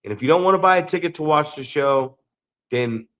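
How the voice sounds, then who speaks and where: A man's voice: a little high, lively intonation, a little fast, fairly bright tone. A middle-aged man who co-hosts a wrestling podcast, ranting bluntly with plenty of swearing. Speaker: podcast co-host and pro wrestler. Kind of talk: casual podcast chat.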